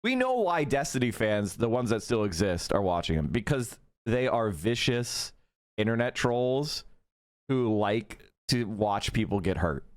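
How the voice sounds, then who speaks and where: A man's voice: fairly low pitch, big pitch swings, a little slow, dry recording, clean studio sound. A man in his thirties ranting profanely and mockingly during a live stream commentary.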